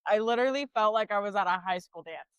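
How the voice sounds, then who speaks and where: A woman's voice: medium pitch, fast, smooth, no room sound. A young woman co-hosting a podcast, teasing her older sister in laid-back casual chat. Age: young adult. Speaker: podcast co-host, younger sibling.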